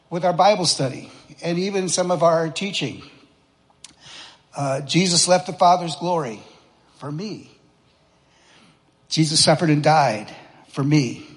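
Male preacher, casual and conversational, slightly raised pitch, echoing sanctuary sound. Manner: conversational, folksy preaching with rhetorical questions. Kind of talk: sermon. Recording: long reverb of a church hall.

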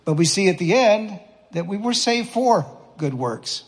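A man's voice: high voice, expressive, a little slow. A man preaching a sermon in a conversational, folksy way, asking the congregation questions. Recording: long reverb of a church hall.

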